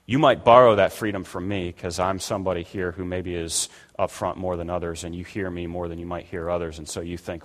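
A man's voice: deep voice, fairly even intonation, a little fast, hardly any pauses. An older man preaching a conversational sermon as pastor, acting out the voices he quotes. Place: church sanctuary. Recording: long reverb of a church hall.

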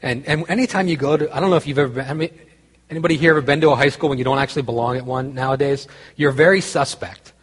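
A man preaching a conversational sermon, telling a story with restarts and growing quiet and earnest. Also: medium pitch, rapid-fire, breathy edge, big-room sound. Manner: conversational, self-interrupting, grows quiet and earnest. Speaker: pastor.

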